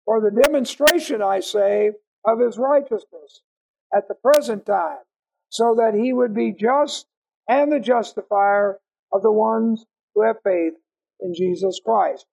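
A man teaching a Bible study, reading verses slowly and adding quick asides. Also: high-pitched, creaky, darkish tone, low-quality recording. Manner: reads scripture slowly, explains in quick asides.

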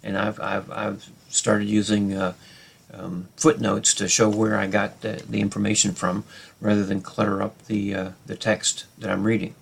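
A man's voice: on the low side, level tone, normal speed, creaky, husky. A man teaching a verse-by-verse Bible study, talking unscripted with many fillers and restarts, explaining Hebrew grammar and reading scripture aloud.

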